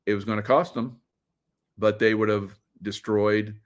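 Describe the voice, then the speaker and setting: A man's voice: on the low side, steady tone, measured pace. A middle-aged man hosting his own show, giving rambling, mocking commentary full of fillers and laughs. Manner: rambling, filler-heavy, laughs and mocks often. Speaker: show host. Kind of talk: casual commentary.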